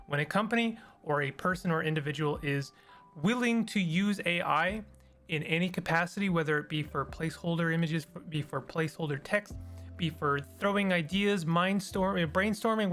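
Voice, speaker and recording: A man's voice: fairly high pitch, a bit bright. Tired, cynical man rambling about games. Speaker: gaming video host. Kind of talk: casual solo commentary.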